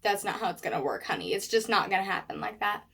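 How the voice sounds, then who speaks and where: A woman telling a personal story in a vlog, animated, acting out what people said. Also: mid-range voice, fast, husky. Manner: animated storytelling with acted quotes. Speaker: vlogger.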